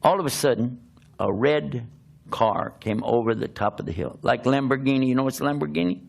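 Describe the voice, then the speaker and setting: An older man, a preacher, telling a humorous personal story in an animated, self-mocking way, often laughing as he talks. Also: mid-range voice, a little fast, gravelly.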